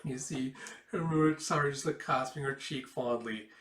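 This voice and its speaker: A man's voice: mid-range voice, fairly quick, a bit bright. Guy rambling thru a comic, lots of likes and uhs, echoey room. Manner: rambling, filler-heavy retelling. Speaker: comic book reader and reviewer. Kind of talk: casual read-through with reactions. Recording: roomy echo.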